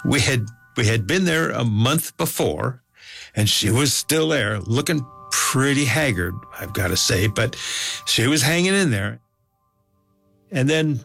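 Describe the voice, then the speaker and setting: Man, gravelly voice, calm storytelling guest with dry humor, faint music under. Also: medium pitch. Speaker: guest scientist. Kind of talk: storytelling interview.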